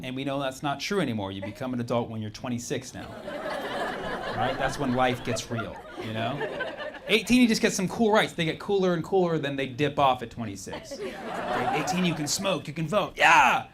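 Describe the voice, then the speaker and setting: A male stand-up comedian doing an animated routine, acting out his friends' voices, on a comedy club stage. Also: on the high side, normal speed. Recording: live club with loud crowd and noise.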